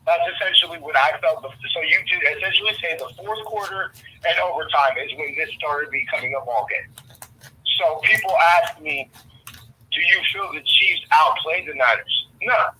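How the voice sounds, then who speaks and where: A man's voice: fairly high pitch, moderate pace, bright, forceful tone, slight background noise, poor audio. A middle-aged man giving his opinions in a casual sports talk, often repeating words as he thinks. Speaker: guest sports commentator.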